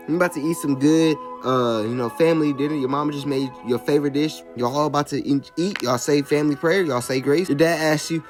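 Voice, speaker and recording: A man's voice: mid-range voice, brisk, faint music behind. A young man with a Southern US accent giving blunt, profane commentary as a YouTuber. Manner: blunt, profane, animated ranting. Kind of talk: casual commentary.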